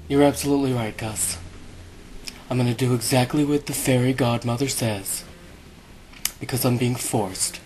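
A man's voice: mid-range voice, darkish tone, a little hiss or hum, natural voice. A man voicing a touchy woman vlogger who talks back in a defensive, exasperated way. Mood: resigned.

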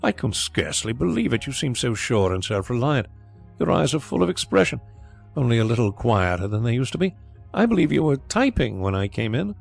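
A man voicing a proud, brisk former solicitor who talks bluntly and bristles quickly. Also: mid-range voice, big pitch swings, gravelly, soft background music.

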